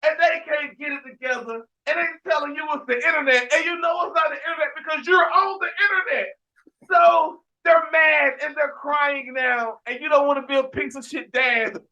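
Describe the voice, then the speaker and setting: A man hosting a casual sports podcast, telling an animated, ranting story with frequent restarts and shouted emphasis. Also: extremely high pitch, normal speed, highs cut off. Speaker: podcast host.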